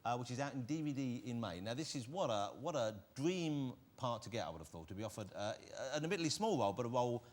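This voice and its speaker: Quick, animated host. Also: male voice, mid-range voice. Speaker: talk show host. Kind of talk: chat show banter.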